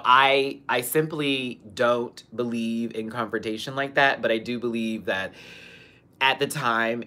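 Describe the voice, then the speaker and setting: Telling a story during her livestreamed Q&A, a young woman is sassy, dramatic and profane, laughing in sudden bursts. She has a bass voice with a fairly bright tone.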